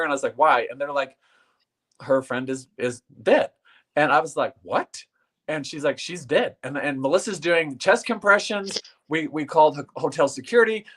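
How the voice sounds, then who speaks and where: An earnest man speaks as a guest, his voice sitting a little high for a man. He tells a personal story with feeling, stumbling over and repeating words as he goes. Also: a bit bright.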